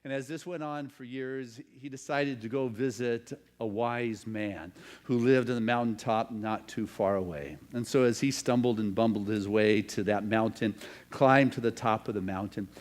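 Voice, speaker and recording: A male pastor telling a story in a sermon, animated and building to loud emphasis. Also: medium pitch, unhurried.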